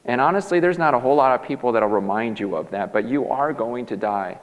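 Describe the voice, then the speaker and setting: A man preaching a sermon as a pastor, emphatic and animated, often restarting his sentences. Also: mid-range voice, fairly quick. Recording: long hall reverb.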